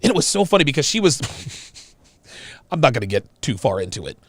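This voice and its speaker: A man's voice: mid-range voice, big pitch swings, moderate pace, no room sound. A man hosting a livestream, giving casual, profane reaction commentary and talking to viewers as "dude.". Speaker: livestream host reacting to a video.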